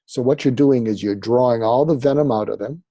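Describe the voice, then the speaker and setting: Dark-voiced male psychiatrist explaining. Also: mid-range voice, fairly quick, no room sound. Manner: conversational, acts out sample dialogue, frequent fillers. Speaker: psychiatrist and author, interview guest. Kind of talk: explaining advice in an interview.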